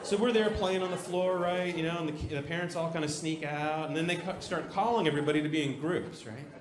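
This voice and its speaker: A high-voiced man works a stand-up set, telling his story with constant "right?" tags. His voice rings around a reverberant club room, with clear crowd noise behind him. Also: quick pace. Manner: animated storytelling, jumps into shrill shouted voices for characters; tag questions "right?" after nearly every beat. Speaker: stand-up comic. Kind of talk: stand-up comedy. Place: comedy club stage. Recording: roomy club sound with audience.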